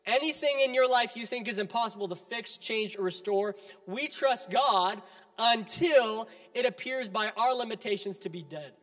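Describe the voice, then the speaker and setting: A man's voice: high-pitched, a bit bright, in a large hall. A man preaching a sermon as pastor, emphatic and building with repeated appeals.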